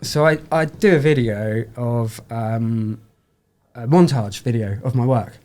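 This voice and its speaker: A man's voice: medium pitch, measured pace. A middle-aged man, a podcast guest, telling his story in a casual, chatty way and acting out the voices of the people in it. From United Kingdom. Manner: chatty, acts out quoted dialogue with lively voice shifts.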